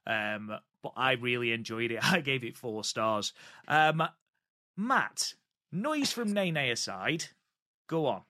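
A man's voice: medium pitch, lively intonation, pushed and bright. A man co-hosting a podcast, reviewing wrestling matches in a casual, hesitant way with many filler sounds. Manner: hesitant, many ums, measured opinions. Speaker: podcast co-host.

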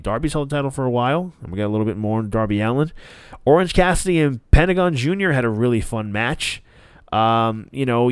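A man in a mid-pitched voice talks through wrestling news in a loose, opinionated way, now and then jumping into short acted bits of what the wrestlers said. His voice is smooth and resonant. It is recorded close and dry, with no room sound. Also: no room sound. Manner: animated, profane, acts out promos in quick bursts. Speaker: wrestling podcast host. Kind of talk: casual wrestling recap and opinion.

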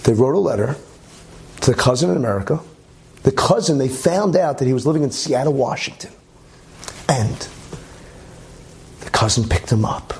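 A man telling a religious story in a lively way, with chatty asides and many okays. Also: mid-range voice, moderate pace, vocal fry, long pauses, slight background noise. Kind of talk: animated storytelling talk.

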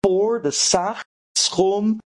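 A man telling a story to an audience in an animated, chatty way. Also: high-pitched, drawn-out words.

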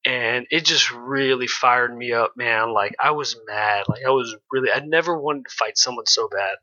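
Guy recounting his pitching days, super bright tone, dry dull lo-fi sound, lots of "like". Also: normal speed. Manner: loose, candid, filler-heavy with "like" and "you know". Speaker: former pro baseball pitcher, guest. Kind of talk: casual storytelling in an interview.

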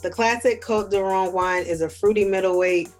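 A woman's voice: medium pitch, fairly even intonation, moderate pace, a little mellow, faint music behind. A woman co-hosting a casual podcast, thinking aloud hesitantly about wine. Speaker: podcast co-host. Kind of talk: casual chat.

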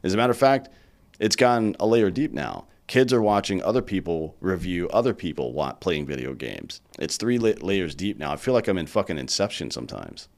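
Podcast host guy, deep voice, rambly and sweary. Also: big pitch swings, fairly quick, gravelly. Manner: profane, rambling riffing. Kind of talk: casual podcast chat.

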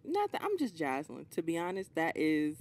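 Low-pitched sassy young woman. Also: wildly swooping pitch, moderate pace, a little mellow. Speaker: podcast guest. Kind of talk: casual group chat.

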